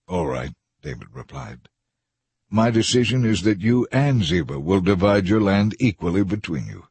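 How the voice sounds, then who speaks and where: A man reading scripture aloud in a measured, even narration. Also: sits low. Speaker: scripture reader. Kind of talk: scripted Bible reading over music. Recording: soft music bed behind.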